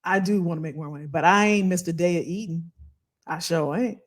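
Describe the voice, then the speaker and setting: A woman's voice: lowish voice, brisk. A woman hosting a motivational live stream, reading viewer comments and cheering people on, repeating her phrases. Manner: animated, preachy and encouraging, repeats phrases.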